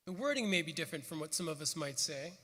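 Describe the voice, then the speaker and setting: A man giving a prepared conference lecture with a measured, earnest delivery. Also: a little high, lively intonation, bright, forceful tone. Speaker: conference speaker. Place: conference hall. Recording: long hall reverb.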